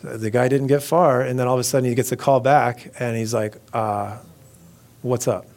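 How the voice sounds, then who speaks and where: A male pastor delivers a relaxed, conversational sermon at a brisk pace and middle pitch. Casual and animated, he takes on the characters' voices as he retells the story.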